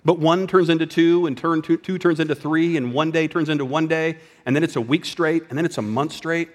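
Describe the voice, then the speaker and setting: A man preaching a sermon in a conversational style, dropping at times to a hushed voice for emphasis. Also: on the high side, fairly even intonation, fairly quick, long reverb tail. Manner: conversational preaching with dramatic drops to a whisper. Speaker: pastor.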